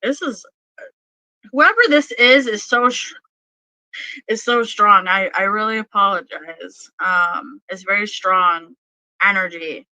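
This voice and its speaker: A woman gives a casual tarot reading to her channel at a slow, unhurried pace, rambling through plenty of fillers and breaking into frequent laughs. Her voice is bright and clear, and the recording is close and dry. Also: mid-range voice, dry recording, low-quality recording. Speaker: tarot reader.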